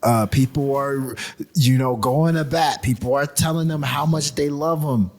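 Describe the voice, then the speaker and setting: A man's voice: mid-range voice, normal speed. A man co-hosting a podcast, ranting with emphasis and laughing as he talks. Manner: animated, laughing, emphatic rants. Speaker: podcast co-host. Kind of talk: casual chat.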